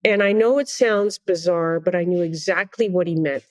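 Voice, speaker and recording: A middle-aged woman with a fairly low voice tells a story as a podcast guest. She is animated, acting out what people said and laughing often, recorded close and dry. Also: normal speed, dry recording. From Canada. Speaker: guest conductor.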